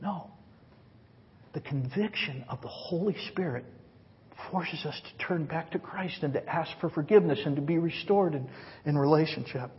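A man preaching a sermon, his voice very husky and pitched a bit high. He talks in an earnest, conversational way. The sound rings with a long hall reverb and comes across dull and lo-fi. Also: moderate pace. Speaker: pastor.

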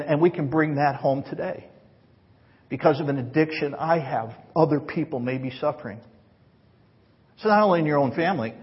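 Preaching with earnest, conversational delivery, a male pastor speaks in a very husky voice pitched a bit high. Long hall reverb rings through the dull, lo-fi sound.

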